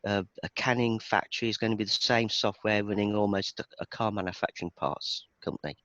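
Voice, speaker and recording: A man talking as an interview guest in a casual chat, explaining things thoughtfully with brief pauses. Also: lowish voice, fairly even intonation, a bit bright, dry recording. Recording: dull lo-fi sound.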